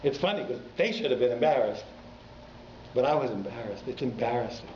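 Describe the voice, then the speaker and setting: A man's voice: mid-range voice, fairly quick. Man telling a story at a lecture. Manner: animated, repeats words for emphasis. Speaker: rabbi teaching a class. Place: community synagogue hall. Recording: echoey, dull hall recording with faint noise.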